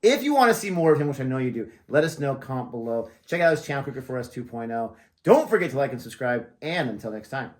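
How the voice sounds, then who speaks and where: A man's voice: medium pitch, very animated, quick pace, few pauses. An American man hosting a reaction video, chatting casually and easily about the clip. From United States. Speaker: reaction channel host.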